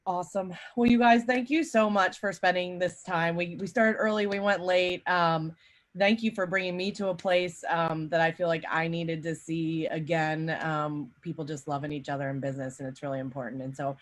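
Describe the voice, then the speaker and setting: A woman's voice: on the low side, steady tone, moderate pace. A woman co-hosting a podcast, thanking guests in casual chat with frequent ums. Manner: warm thanks, many ums. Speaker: podcast co-host.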